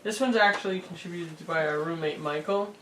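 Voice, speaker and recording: A man's voice: on the high side, brisk, fairly bright tone, a little hiss or hum. A man co-hosting a podcast, telling an anecdote in casual chat and acting out the quoted lines. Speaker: podcast co-host. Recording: echoey room.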